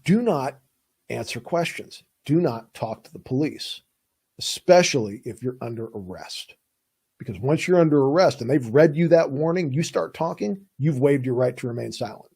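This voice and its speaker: Emphatic man with a husky voice. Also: medium pitch, expressive, normal speed, a little mellow. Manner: emphatic, folksy, acts out quoted voices. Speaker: podcast host and defense attorney. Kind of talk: casual advice monologue.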